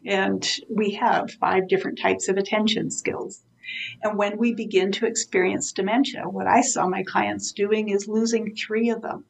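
A woman's voice: mid-range voice, flat delivery, normal speed, creaky, low-quality recording. A woman guest in an interview, a vivid storyteller who acts out the dialogue as she explains dementia care.

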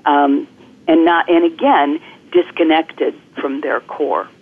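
A woman guest coach explaining things clearly and articulately in an interview, speaking over the phone. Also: low voice, fairly even intonation, slow pace. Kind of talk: interview on a podcast. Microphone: telephone. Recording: phone-line call-in audio.

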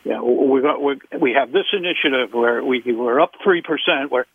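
A man, a public speaking coach, talking in an interview with emphatic, animated leaps in pitch. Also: normal speed, husky, dry recording. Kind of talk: interview talk. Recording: tinny phone line.

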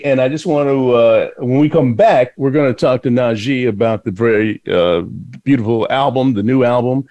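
A man's voice: mid-range voice, normal speed, warm tone, no room sound. Male talk show host, dry sound.

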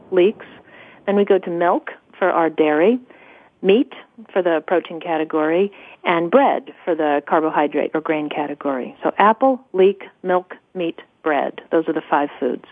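A woman's voice: fairly low pitch, no echo. A woman author in a radio interview, explaining with eager enthusiasm. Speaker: author guest. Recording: dry, phone-like radio sound.

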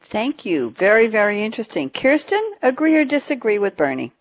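A woman hosting a radio talk show, bringing in her panelists and asking them questions in a brisk, engaged way. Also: on the high side, very animated.

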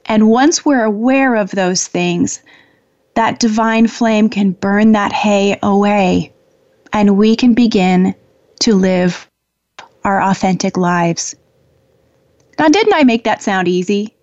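A woman's voice: medium pitch, no echo, muffled recording. Affectionate spiritual talk host, a woman. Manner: warm, affectionate, laughs often, pauses with fillers. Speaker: host, angel communicator. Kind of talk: spiritual talk show monologue.

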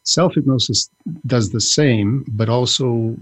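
A man's voice: mid-range voice, slow, slightly rough. A man co-hosting a podcast in casual chat, rambling and breaking off his own sentences, with the odd joke. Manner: rambling, self-interrupting, joking. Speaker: podcast co-host.

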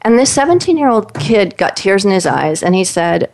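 A woman in casual conversation, telling stories in an animated way and acting out what the people in them said. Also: medium pitch, moderate pace, creaky. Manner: animated storyteller, voices the people in her stories.

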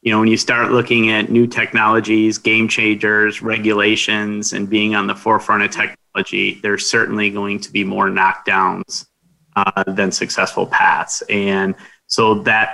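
A man panelist with a low, gravelly voice and a bright, forceful edge. He speaks in a flat, measured way, pausing and restarting as he makes his point. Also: rough recording. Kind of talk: casual panel discussion.

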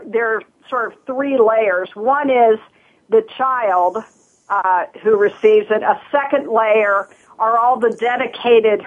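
A woman's voice: medium pitch, breathy edge. A woman from Southern Ohio, a guest speaking earnestly in a casual interview, with many fillers and restarts. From Southern Ohio, USA. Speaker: guest, nonprofit leader. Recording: tinny phone line.

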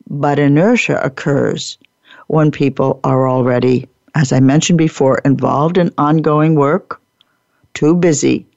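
A woman hosting a podcast, giving a deliberate, emphatic teaching talk and repeating her key phrases. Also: low voice, vocal fry, darkish tone, dry recording, highs cut off. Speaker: podcast host. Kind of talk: teaching talk on workplace improvement.

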